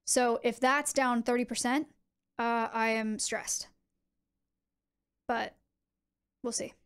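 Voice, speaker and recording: A young adult woman streaming, chatting casually with her viewers in an animated way, with quick asides. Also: on the high side, clean tone.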